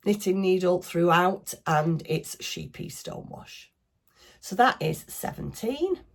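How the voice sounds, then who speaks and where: A woman's voice: sits low, creaky, breathy edge. A middle-aged woman with a Northern English accent, chatting casually and rambling in a self-deprecating way as she shows her knitting to her viewers. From northwest England. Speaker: craft vlogger. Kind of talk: casual craft chat.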